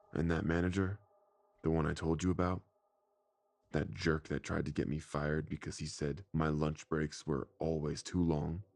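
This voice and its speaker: A man's voice: very deep voice, gravelly, a little mellow, full character voice. A man voicing a cheerful, eerily sweet adult man who dotes tenderly on his wife, in a scripted horror story reading.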